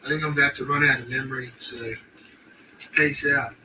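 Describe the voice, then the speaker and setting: A man's voice: medium pitch, steady tone, a little fast, distant mic, a little hiss or hum, low-quality recording. A young Australian man chatting casually on a stream, laid-back and swearing constantly in slang.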